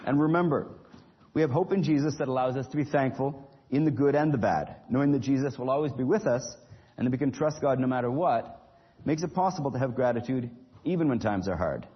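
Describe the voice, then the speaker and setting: A man's voice: mid-range voice, brisk, husky, dull audio. A man leading a children's church lesson, reading a storybook aloud expressively and encouraging the kids.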